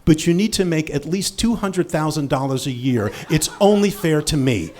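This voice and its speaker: A man's voice: fairly high pitch, expressive, moderate pace, a little mellow, slight background noise, close to an everyday voice. A man voicing a blunt, demanding young woman, close to his own voice.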